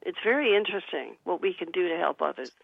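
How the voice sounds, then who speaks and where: A woman author and psychic, a guest on a radio talk show, calmly giving advice and suggesting what to say. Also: lowish voice, quick pace, gravelly, no room sound, phone-quality sound. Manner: calm, counseling, gives sample phrases to say.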